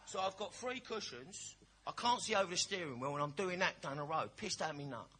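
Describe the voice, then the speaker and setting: A man's voice: high voice, expressive, fairly quick, pushed and bright. A man giving a personal share at a recovery meeting, telling his story in a chatty, blunt, jokey way.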